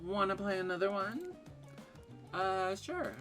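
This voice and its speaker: A woman's voice: mid-range voice, very animated, takes it slowly, soft background music, voice pushed up. A woman voicing a playful, menacing female killer in a dating game, drawing out her teasing threats.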